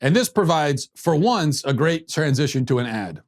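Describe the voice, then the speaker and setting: A man's voice: a little high, sing-song, normal speed. A man hosting a political commentary podcast, talking in a sarcastic, mocking way with frequent restarts and repeated words. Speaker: host.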